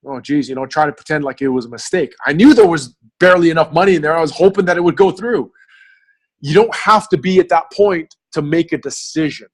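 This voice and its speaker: A man's voice: on the high side, brisk. A man hosting a group mastermind video call, coaching the group in an earnest way and often checking in with "right?". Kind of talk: motivational coaching talk.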